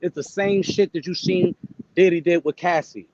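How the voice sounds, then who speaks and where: A man's voice: sits high, normal speed, darkish tone, dry recording, muffled recording. A man talking bluntly and emphatically as a guest in a casual chat. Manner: blunt, emphatic, repeats "bro".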